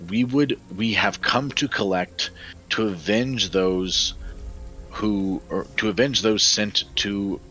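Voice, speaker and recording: Guy doing a bitter snarly mob leader, low voice, bright edge. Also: slow pace, soft background music, low-quality recording. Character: scarred angry male mob ringleader with hounds.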